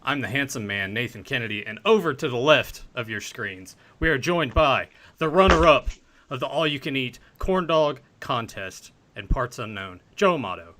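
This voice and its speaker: A man's voice: medium pitch, expressive, normal speed, bright, forceful tone, a little hiss or hum. A man hosting a casual podcast, rambling and self-deprecating as he tells stories. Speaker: podcast host.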